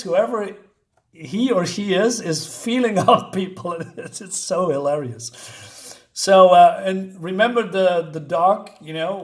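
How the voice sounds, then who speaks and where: In a high voice, a man chats casually through a comic book review, frequently laughing and stumbling over fillers as he reads out the dialogue.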